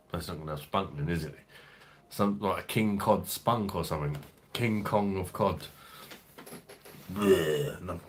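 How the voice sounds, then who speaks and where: A man's voice: low voice, a bit bright, slightly rough. A man with a London accent, hosting a casual livestream, joking crudely, swearing freely and rambling as he reads viewer comments. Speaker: host of a beer review livestream.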